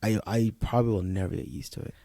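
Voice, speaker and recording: A man's voice: fairly low pitch, steady tone, fast, dark tone, no room sound. A young man co-hosting a podcast in casual chat, a laid-back storyteller who acts out quotes. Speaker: podcast co-host.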